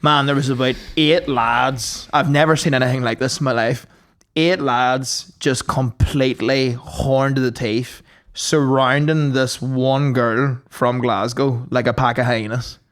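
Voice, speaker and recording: Young man, Northern Irish accent, podcast co-host, casual storytelling, lots of "like", mid-pitched voice. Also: fairly even intonation, measured pace. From Omagh, Northern Ireland. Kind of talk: casual chat.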